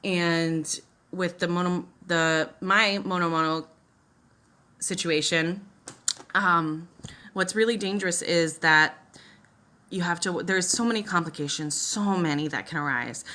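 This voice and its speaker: A woman's voice: on the low side, unhurried, pushed and bright. A woman chatting casually through a makeup tutorial while telling a personal story, rambling with lots of "like" and "you know". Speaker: beauty vlogger and mother.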